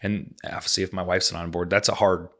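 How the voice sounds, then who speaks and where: A man with a fairly low voice and a bright, forward edge tells his own story in a relaxed interview. He acts out the people he quotes and peppers his talk with casual fillers. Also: quick pace. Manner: animated, acts out quoted dialogue, many "like" fillers. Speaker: podcast guest, missionary. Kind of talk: personal storytelling in a conversational interview.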